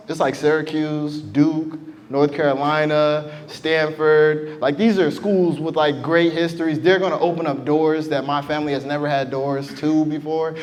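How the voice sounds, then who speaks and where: A young adult man with a fairly high voice performs stand-up from a club stage, speaking a little slowly as he chats with and teases the crowd. The live recording, made in a large hall, picks up audible crowd noise.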